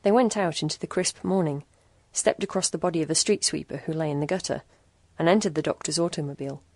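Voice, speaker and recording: A woman narrating a short story in a measured, even storytelling manner. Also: sits low, no echo. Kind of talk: scripted narration.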